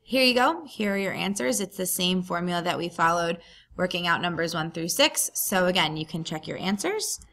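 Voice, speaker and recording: A woman's voice: fairly low pitch, expressive, moderate pace, vocal fry, fairly bright tone. A woman teacher talking through a recorded grammar lesson, patient and explaining step by step.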